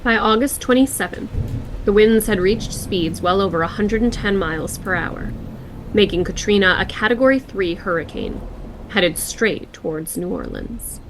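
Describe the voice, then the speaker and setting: A woman co-hosting a podcast, reading scripted true-crime narration in a measured way. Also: mid-range voice, background noise. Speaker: podcast co-host.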